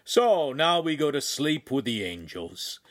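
A man's voice: medium pitch, very animated, measured pace, voice pushed up. A man reading an audiobook, voicing a stern, pious head of a household who gives orders. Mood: commanding.

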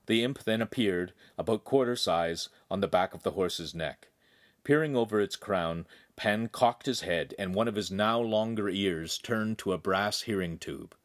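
A man narrating a young adult novel in an expressive storytelling manner. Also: on the low side, a little slow, no room sound, clean studio sound. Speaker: audiobook narrator. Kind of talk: scripted narration.

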